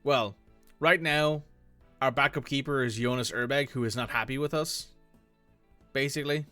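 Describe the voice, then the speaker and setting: A man's voice: mid-range voice, normal speed, bright, forceful tone, clean tone, no room sound, soft background music. A man casually commenting as he plays a football management game, thinking aloud and reacting to the match. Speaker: gaming streamer. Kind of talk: casual let's-play commentary.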